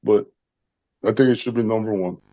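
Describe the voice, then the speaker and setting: A man chatting casually in a relaxed way, laughing and swearing now and then. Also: lowish voice, brisk, noisy background. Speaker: wrestling veteran guest. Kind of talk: casual chat. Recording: dull lo-fi audio.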